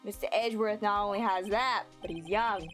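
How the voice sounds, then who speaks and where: A woman doing a gruff New York detective. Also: medium pitch, fairly quick, a bit bright, faint music behind, natural voice. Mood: earnest. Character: gruff male police detective, loyal and earnest.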